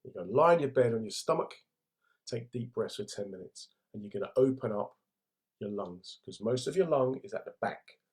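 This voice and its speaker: A man's voice: medium pitch, lively intonation, a little fast. A middle-aged man with a London accent, a comedian hosting a casual livestream in a jokey, laddish way and reading out viewer comments. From England.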